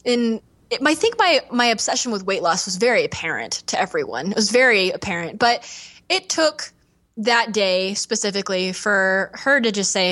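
A woman's voice: mid-range voice, moderate pace. Earnest young woman sharing her story. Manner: earnest, animated, acts out quoted voices. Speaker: podcast guest. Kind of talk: candid podcast interview.

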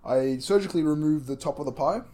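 A man's voice: fairly high pitch, fast, warm tone. A man with a light Australian accent, co-hosting a podcast in casual, rambling chat, swearing freely and laughing often. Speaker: podcast co-host.

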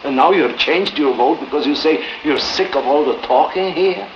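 An actor playing a stern, principled male juror in a 1950s film drama who scolds another man in a measured, earnest voice. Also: on the high side, close to an everyday voice. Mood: reproachful. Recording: dull noisy old film soundtrack.

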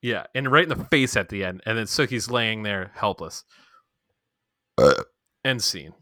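Brief: animated male podcast co-host, bright tone, very dry close sound, loose and profane recap. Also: lowish voice, a little slow, no echo. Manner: animated, swears freely, acts out characters' lines. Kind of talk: casual TV episode recap.

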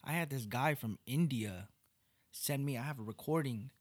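A man's voice: mid-range voice, moderate pace. A man in casual chat tells stories about his music in a loose, profane way. His voice sits in an ordinary middle range. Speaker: musician guest.

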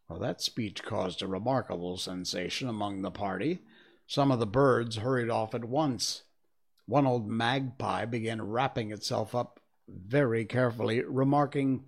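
A man's voice: fairly low pitch, moderate pace. A man hosting a livestream, reading a storybook aloud and chatting casually with viewers. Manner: chatty, laughing, animated. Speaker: livestream host and reader.

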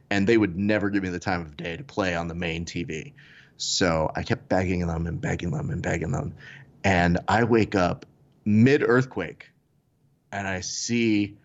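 Animated lower-voiced man telling stories. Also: muffled recording. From California. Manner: animated, jumps high for quoted exclamations. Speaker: podcast co-host. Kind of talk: casual storytelling chat.

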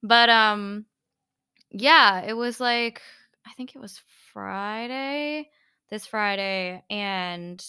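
A woman's voice: medium pitch, very slow, pushed and bright, clean tone, dry recording, clean studio sound. A young woman co-hosting a podcast, telling a story in casual chat with lots of fillers. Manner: chatty storyteller, many fillers. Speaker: podcast co-host.

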